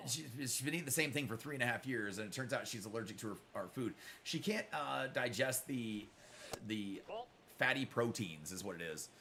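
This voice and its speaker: A middle-aged man hosts a live gaming stream, chatting with viewers he calls brother while he plays, and turns blunt and profane when answering trolls. Sitting close to his mic, he speaks at normal speed in a medium-pitched, animated voice that is bright and forceful.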